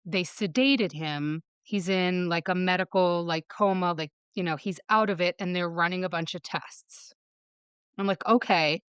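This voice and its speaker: A woman's voice: lowish voice, a bit bright, smooth, no echo, muffled recording. A woman from Michigan, a podcast guest, telling a personal story and quoting others as she goes, with lots of "like.". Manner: fast retelling, quoting others with "like".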